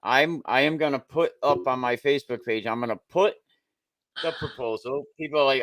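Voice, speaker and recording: A man talks high school sports in a blunt, opinionated way, circling back over his points. His voice sits at an everyday pitch. The sound is dry and close, with no room around it. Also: normal speed, fairly bright tone, no echo. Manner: blunt, opinionated, repeats himself. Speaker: show host. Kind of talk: casual sports talk.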